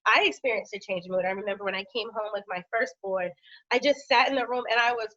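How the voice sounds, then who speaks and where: A woman health professional giving an informal educational talk, with conversational fillers and steady lists of symptoms. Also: mid-range voice, fast talker. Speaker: health professional speaking on a panel. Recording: dull, lo-fi dry sound.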